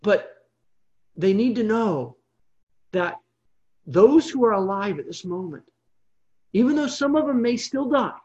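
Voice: mid-range voice, a little slow, long pauses, lo-fi sound. A Bible study leader teaching an evening group online, telling stories vividly and checking in with the listeners. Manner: animated storytelling with frequent check-ins.

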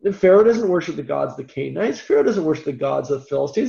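Gravelly-voiced man teaching the Bible. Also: on the high side, quick pace. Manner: animated and conversational, with asides and self-corrections. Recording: roomy echo, dull lo-fi sound.

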